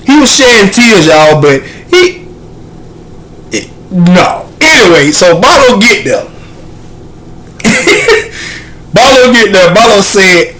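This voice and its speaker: Animated man telling a funny story. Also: sits high, slow, pauses often, background noise. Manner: animated, laughing often, acts out voices in his story. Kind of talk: comedic storytelling.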